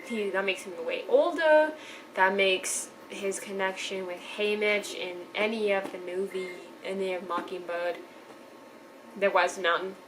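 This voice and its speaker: A young woman talks through a book she loved in a loose, rambling vlog, gushing and trailing off mid-thought. Her voice sits at an everyday middle pitch, and a steady background hiss runs under the recording. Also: unhurried. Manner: chatty, gushing, trailing off and restarting. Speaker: book reviewer. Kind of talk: casual book review vlog.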